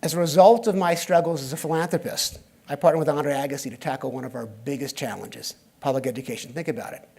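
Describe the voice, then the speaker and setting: A man's voice: mid-range voice, fast talker, vocal fry, a little mellow, husky. A middle-aged man from the United States giving a conference talk on stage, telling stories with acted dialogue and wry asides. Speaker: keynote speaker. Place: conference stage before a live audience.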